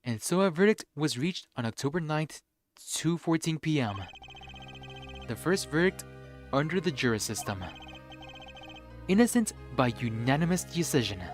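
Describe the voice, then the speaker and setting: A man streaming a story game, reading its narration slowly and dramatically and reacting excitably. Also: fairly high pitch, faint music behind.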